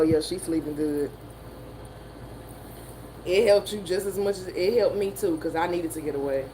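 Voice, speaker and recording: A woman with a Southern American accent, telling a story in a profane, animated way and laughing often. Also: deep voice, slight background noise, poor audio. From Southern United States. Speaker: motivational streamer. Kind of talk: casual storytelling chat.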